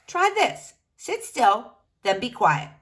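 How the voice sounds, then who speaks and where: A woman voicing a patient storybook friend who loves quiet and keeps shushing. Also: on the high side, huge pitch swings, takes it slowly, voice pushed up, full character voice. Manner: firm, shushing, exasperated.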